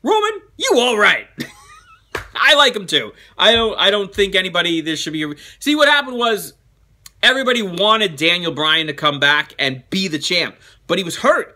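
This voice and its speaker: A man with a high, very bright voice reads viewer fan mail out loud. His pitch swings widely as he chats, jokes and laughs his way through it, with the easy manner of a regular show host. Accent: New Jersey. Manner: animated, laughing, chatty with asides. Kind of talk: casual fan mail reading.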